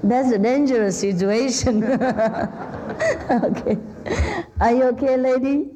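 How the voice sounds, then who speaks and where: A woman's voice: on the high side, unhurried, mellow, a little hiss or hum. A woman speaker giving an informal spiritual talk to a live audience, joking and laughing often as she chats with the people around her. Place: indoor hall with a seated audience. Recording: dull lo-fi recording.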